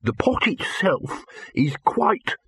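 A man's voice: sits high, big pitch swings, takes it slowly, gravelly, fairly bright tone, breathy edge, no room sound, voice pushed up, heavily acted. Man doing a fussy, nervous wizard bursar.

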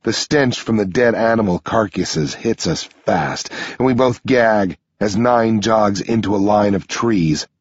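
A man reading a first-person story aloud as an audiobook narrator, with a steady storytelling delivery. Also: measured pace, hardly any pauses, breathy edge, dry recording, dull audio. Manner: steady storytelling delivery, pushing up in pitch for shouted dialogue.

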